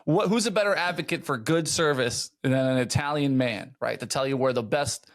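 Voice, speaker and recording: A man's voice: mid-range voice, moderate pace. A man hosting a casual podcast chat, explaining things in a chatty way. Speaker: podcast host.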